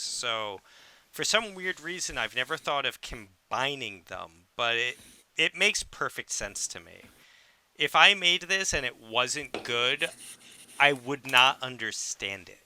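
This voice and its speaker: A man's voice: medium pitch, big pitch swings, unhurried, bright, forceful tone. A man co-hosting a podcast in casual chat, chatty and self-deprecating. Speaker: podcast co-host.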